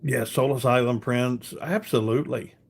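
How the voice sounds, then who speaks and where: A man's voice: medium pitch, fairly even intonation, normal speed, slightly rough. A man hosting a casual live stream, reading out viewer comments and telling a rambling story, with a lot of "you know" along the way.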